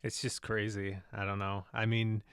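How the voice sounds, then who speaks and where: Laid-back low-voiced podcast co-host, a man. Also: flat delivery, normal speed, smooth, no echo, studio quality. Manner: laid-back, agreeable, hesitant. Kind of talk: casual podcast discussion.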